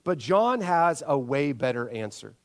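A middle-aged man preaching a sermon, telling stories and acting out the people in them with big jumps in his voice. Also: measured pace. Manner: animated storytelling, acts out quotes with big pitch jumps. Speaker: pastor.

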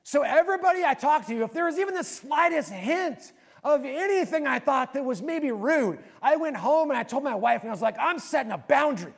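A male pastor giving a sermon, telling stories in an animated way and swinging between raised, lively bursts and soft, hushed passages. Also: very high-pitched, a little fast, gravelly.

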